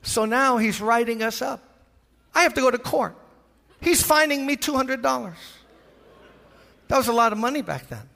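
A man's voice: very high voice, normal speed, creaky, long pauses. An older man from Brooklyn with a New York accent, a pastor telling a story in a sermon and acting out the voices in it. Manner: animated storyteller, acts out voices. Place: large church. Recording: reverberant church hall.

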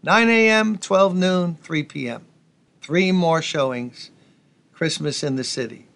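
Male pastor preaching, high voice, folksy and upbeat, chats with the crowd. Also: slow pace, gravelly. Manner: folksy, energetic, asides to the congregation. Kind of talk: sermon.

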